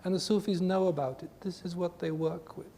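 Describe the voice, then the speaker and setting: Gravelly man giving a spiritual talk. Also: fairly even intonation, fairly quick, mellow. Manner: earnest, repetitive, emphatic phrasing. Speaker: spiritual teacher. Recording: reverberant hall, faint rumble.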